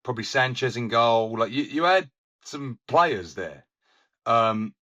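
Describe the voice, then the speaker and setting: A man chatting loosely about football, his voice bright and forward. He tells long rambling anecdotes and slips into the voices of the people he quotes. Casual, unscripted talk between mates. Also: mid-range voice, expressive, a little slow. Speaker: podcast co-host.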